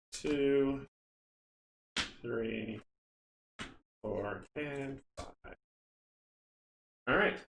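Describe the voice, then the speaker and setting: A chatty man runs a card game on stream, reading rules aloud and poking fun at himself between shuffles. His voice sits at a middling pitch and rings around a roomy space. A faint hiss of background noise runs underneath. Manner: chatty, self-mocking, talks to viewers while shuffling.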